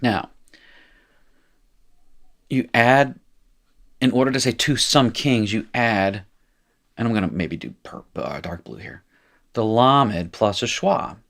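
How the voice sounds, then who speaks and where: A man's voice: on the low side, animated, takes it slowly, gravelly, long pauses, a bit bright. A man teaching a live recorded language lesson, chatty and jokey, correcting himself as he goes.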